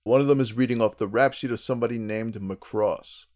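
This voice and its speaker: A man's voice: medium pitch, brisk, a little mellow. A man co-hosting a casual podcast, chatty and jokey, often restarting his sentences. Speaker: podcast co-host.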